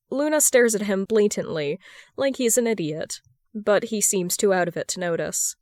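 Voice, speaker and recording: A woman reading a fan fiction story aloud as a podfic narrator, in a steady storytelling manner. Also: medium pitch, normal speed, dry recording, clean studio sound. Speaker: podfic reader.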